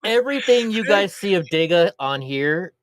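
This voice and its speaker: A man's voice: high-pitched, animated, normal speed. A man co-hosting a casual livestream chat, telling rambling, profane stories. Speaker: livestream co-host. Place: lives in California.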